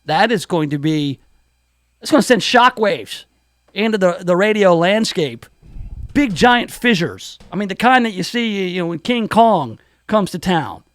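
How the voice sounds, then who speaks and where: Man, radio host, joking studio banter, high voice, dry close mic. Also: animated, measured pace, dry recording. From Memphis area. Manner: wisecracking, puts on hammy country DJ voices.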